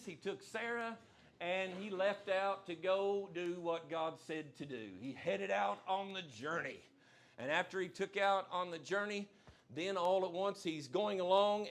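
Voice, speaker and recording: Folksy man preaching. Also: high voice. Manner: emphatic, repeats key phrases, folksy humor. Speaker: pastor. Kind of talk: sermon. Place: church sanctuary, live service.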